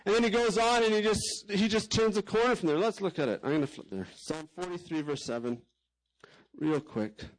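A man's voice: high voice, a little fast, rough recording. A man preaching a sermon as a pastor, candid and conversational, with frequent casual fillers.

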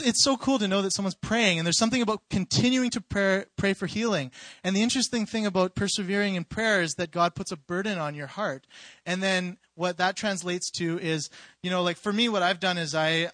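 A young man telling a story in an informal sermon, animated and rambling, with many restarts and fillers. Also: sits high, dry recording. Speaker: youth preacher.

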